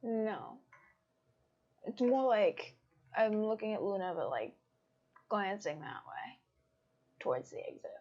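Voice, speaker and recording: A soft-spoken woman with a husky voice makes tentative remarks as a player in a tabletop game. She sounds dull and lo-fi, a little off the mic. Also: mid-range voice, big pitch swings, slow pace, pauses often. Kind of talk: casual tabletop play.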